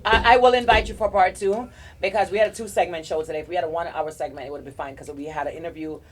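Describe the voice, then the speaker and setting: A woman's voice: on the low side, steady tone, very fast. Earnest woman hosting relationship talk. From South Florida. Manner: warm-hearted, rambling, earnest advice with restarts. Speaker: podcast host. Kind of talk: casual group chat about relationships.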